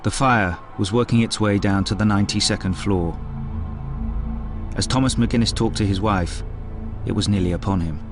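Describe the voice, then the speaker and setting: A man's voice: lowish voice, moderate pace. Solemn male documentary narrator. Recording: narration over a music score.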